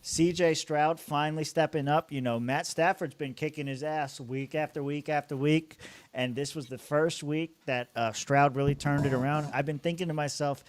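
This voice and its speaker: A man's voice: fairly high pitch, steady tone, normal speed. A young man co-hosting a podcast, rambling casually about his fantasy football team, swearing freely and laughing often. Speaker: podcast co-host.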